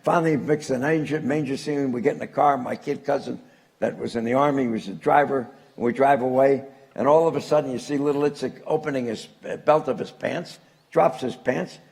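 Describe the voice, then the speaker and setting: Gravelly older man. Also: mid-range voice, fairly quick. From Newark, New Jersey. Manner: animated anecdotal storyteller, chuckling punchlines. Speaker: author and guest speaker. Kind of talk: storytelling to a live audience.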